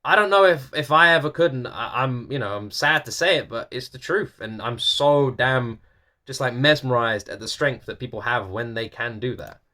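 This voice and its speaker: A man's voice: mid-range voice, moderate pace, sharp tone. A young man with a mixed British accent, raised in the UK, rambling earnestly through a reaction video with lots of fillers and repeats. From Irish-born, raised in the UK. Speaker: music reaction video host. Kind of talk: casual reaction commentary.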